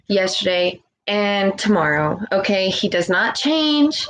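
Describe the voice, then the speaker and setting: A woman's voice: mid-range voice, slight background noise, poor audio. A woman giving an earnest spiritual message on a live stream, preaching and often checking in with "okay?". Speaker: spiritual livestreamer.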